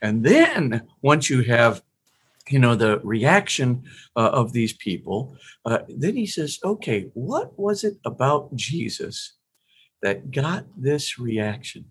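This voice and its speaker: A middle-aged priest giving conversational spiritual teaching, retelling gospel scenes with animation and briefly voicing the people in them. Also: male voice, mid-range voice, sing-song, takes it slowly, fairly bright tone, slightly rough. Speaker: priest and podcast guest.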